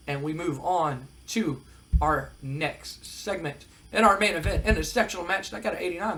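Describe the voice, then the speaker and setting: A man with a high voice casually recaps a wrestling sim, thinking aloud between results. His delivery is relaxed and easygoing, with plenty of ums and uhs. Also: normal speed. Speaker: let's-play narrator. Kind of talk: casual game commentary.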